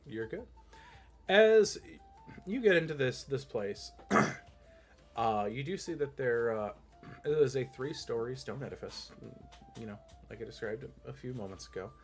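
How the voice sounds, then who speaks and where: A man's voice: medium pitch, animated, measured pace, faint music behind. A man narrating a tabletop game as game master, rambling descriptions with frequent restarts. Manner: meandering, many fillers and restarts.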